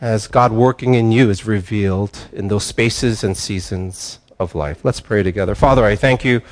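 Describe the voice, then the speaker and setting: An older man, a pastor giving a sermon in a relaxed, conversational storytelling way with frequent restarts. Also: fairly low pitch, moderate pace.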